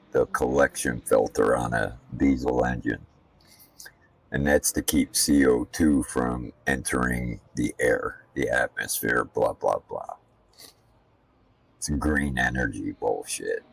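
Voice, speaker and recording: A man with a very deep, gravelly voice talks slowly and bluntly, swearing freely as he gives casual commentary between practice laps. His voice sits a bit back from the mic, with a dry room around it. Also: dry recording, recorded from a distance. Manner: profane, ranting, blunt. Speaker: sim racing streamer.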